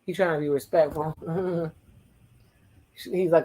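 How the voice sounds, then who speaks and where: A playful watch-along host chatting over a reality dating show, retelling what each person says and tossing in teasing side remarks. The delivery is loose and conversational, jumping between flat recaps and sudden louder jokes. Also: medium pitch, poor audio. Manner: playful, teasing, recaps dialogue in quick asides. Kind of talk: casual reality-show commentary.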